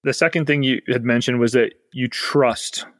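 A man's voice: mid-range voice, fairly even intonation, moderate pace, no echo, studio quality. A man hosting a podcast, talking casually with many fillers. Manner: rambling, filler-heavy interviewing. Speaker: podcast host.

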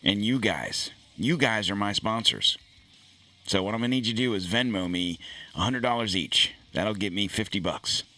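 A middle-aged man with a lowish voice and sharp tone hosts his own podcast from a home studio, speaking at a moderate pace into a studio podcast mic. His casual chat rambles, with jokes and plenty of fillers.

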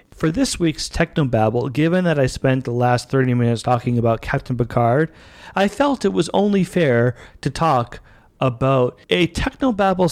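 Chatty, enthusiastic male podcast host. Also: medium pitch. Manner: enthusiastic, chatty fan commentary. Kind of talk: casual monologue.

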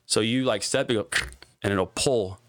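A young man telling a story in casual podcast talk, animated and profane, with lots of "like" fillers. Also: lowish voice, normal speed, noisy background.

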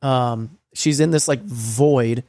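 A young man telling a story in casual chat, swearing a lot and filling his talk with "like" and "um," sometimes acting out quoted lines in a higher voice. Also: takes it slowly, darkish tone, no room sound, studio quality. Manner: profane, rambling storytelling with many fillers; acts out quoted lines with a raised voice. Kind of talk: casual recap of a streamed game.

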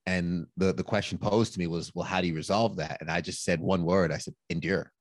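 A male podcast host with a low voice, reflecting in a measured way. The recording is dry and close. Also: fairly even intonation, no room sound. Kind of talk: podcast conversation.

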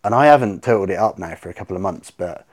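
A man chatting on a podcast as a guest, telling stories in a rambling, animated way with lots of fillers. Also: low voice, racing. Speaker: podcast guest, soap brand owner. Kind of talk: casual podcast chat.

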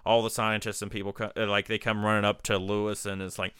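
A man's voice: on the low side, level tone, quick pace, a bit bright, no echo, studio quality. A man co-hosting a podcast, retelling movie scenes in casual, profane chat and acting out the lines. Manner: retelling scenes, quoting lines in gruff voices, swears a lot. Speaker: podcast co-host.

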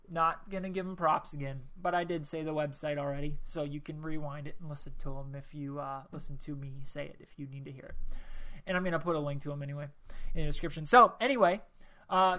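Alone on his podcast, a young male host rambles in a casual way, filling gaps with ums and poking fun at himself. He speaks on the high side with a bright, forceful tone.

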